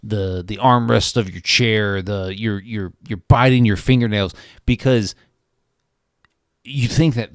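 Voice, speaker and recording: A man's voice: fairly low pitch, a little slow, no echo, studio quality. A man co-hosting a podcast, reviewing a movie in casual, rambling chat, swearing freely and restarting his sentences. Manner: rambling, profane, animated storytelling with many restarts. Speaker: podcast co-host.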